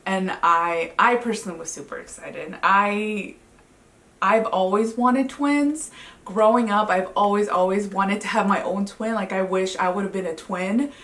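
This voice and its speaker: Chatty young mom in an echoey room. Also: female voice, medium pitch, unhurried. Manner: chatty, excitable, many "like" fillers. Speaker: vlogger and mother. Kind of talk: casual storytelling to camera. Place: home living room. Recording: roomy echo, mic at a distance.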